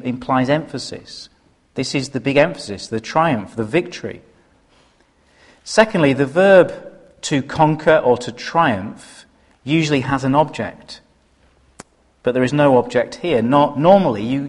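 Slow, emphatic preacher in a hall. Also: male voice, mid-range voice. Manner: slow, emphatic delivery with rhetorical questions. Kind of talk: sermon. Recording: reverberant hall.

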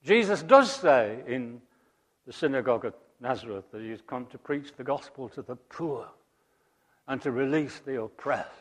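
A man preaching a sermon, emphatic, rising to loud high peaks and dropping to quiet asides. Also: expressive, moderate pace, husky. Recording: long hall reverb.

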